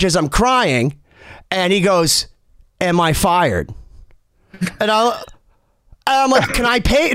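A man, a music producer, telling a story in an animated way, laughing and acting out the people he quotes. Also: high-pitched, a little slow, clear, resonant tone, no echo, clean studio sound. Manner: excitable, laughing, acts out quoted voices.

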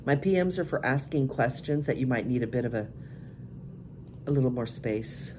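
Woman, very low voice, middle-aged, blunt chatty host, steady noise behind her. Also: moderate pace. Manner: frank, chatty, laughs often. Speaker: cam show podcast host. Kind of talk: casual live-stream chat reading viewer messages.

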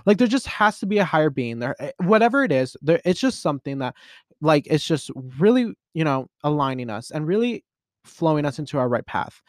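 A twenty-year-old man hosting a podcast from his closet, rambling in a casual solo monologue full of "like" and restarts, with excitable jumps in pitch. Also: fairly quick, dry recording, studio quality. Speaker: podcast host.

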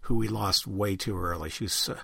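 A man's voice: fairly low pitch, steady tone, a little fast, creaky, pushed and bright, husky, dry recording, studio quality. A man hosting an interview, asking long, enthusiastic, rambling questions. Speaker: podcast host.

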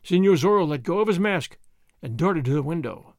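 A man narrating a classic adventure novel as an expressive audiobook host. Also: on the high side, brisk, dry recording, clean studio sound.

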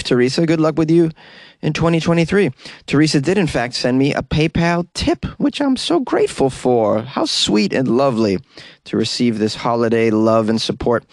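Man hosting a comedy podcast, dry close sound. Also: no room sound. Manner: jokey, animated, voice often jumps high for punchlines. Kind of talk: casual improvised monologue. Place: small closet studio.

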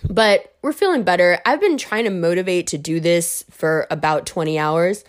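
A woman getting over the flu, talking to her viewers about astrology in a blunt, profane, animated ramble. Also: lowish voice, normal speed. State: recovering from flu, voice a bit off. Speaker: astrology content creator. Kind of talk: casual rambling monologue to viewers.

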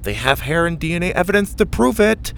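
A man's voice: on the high side, expressive, fairly quick, gravelly, fairly bright tone, a little hiss or hum, voice pushed up. A man voicing a cocky, eccentric rich boy genius who talks with a lisp, in a storybook reading. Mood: teasing.

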